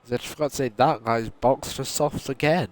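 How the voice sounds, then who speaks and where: A man's voice: mid-range voice, fairly even intonation, moderate pace. A man calling overtakes live in play-by-play commentary on a sim racing broadcast. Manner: calls overtakes as they happen, apologetic. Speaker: race commentator.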